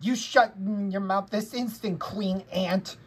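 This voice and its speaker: A woman's voice: medium pitch, steady tone, slow pace, slightly rough, pitched above the performer's own voice, rough recording. A woman voicing Linus as a cross, stubborn young boy in amateur fan storytelling. She scolds angrily with many hesitant "mm" fillers. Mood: angry.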